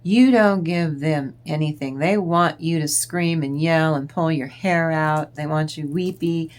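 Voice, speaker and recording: Woman tarot host, slow and rambling; a lower voice, unhurried chat to her viewers. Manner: rambling, chatty and wandering off topic. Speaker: tarot reader and channel host. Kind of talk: casual spiritual talk to viewers.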